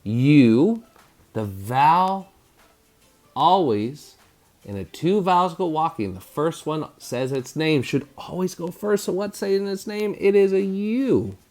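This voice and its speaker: A man's voice: a little high, lively intonation, slow, a little mellow. A man teaching a spelling lesson to fourth graders, sounding out letters and syllables, with bursts of energy like "bam".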